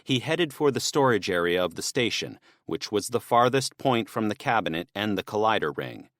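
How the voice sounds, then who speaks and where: The speaker is a man giving scripted audiobook narration, steady and measured, at a fairly low pitch. Clean studio sound, recorded dry.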